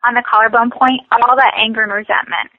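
A woman coaching a tapping session, speaking slow, repetitive scripted phrases. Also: on the high side, steady tone, no room sound, phone-quality sound.

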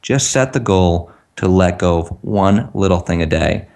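A man's voice: low voice, lively intonation, unhurried, vocal fry, darkish tone. A man giving an earnest coaching talk on a call, acting out example phrases for listeners to repeat. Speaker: tapping practitioner, guest on a call.

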